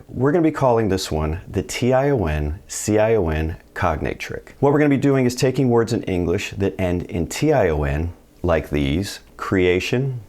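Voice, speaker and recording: A man teaching a video language lesson in a relaxed, upbeat way, explaining each step plainly. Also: on the low side. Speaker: Spanish teacher.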